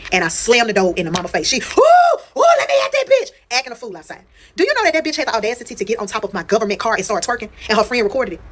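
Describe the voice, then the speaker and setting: A woman's voice: mid-range voice, animated, rapid-fire, a bit bright. A woman telling a personal story in casual storytime style. She talks straight to her viewers, swears freely and repeats phrases for emphasis.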